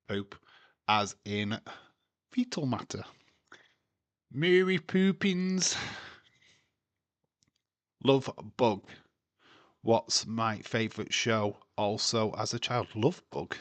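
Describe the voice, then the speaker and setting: Male streamer, laid-back slow delivery, swears and laughs a lot, close dry mic. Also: fairly low pitch, a bit bright, dry recording. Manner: crude, jokey, laughs often. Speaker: watchalong streamer. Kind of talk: casual live-stream chat and commentary.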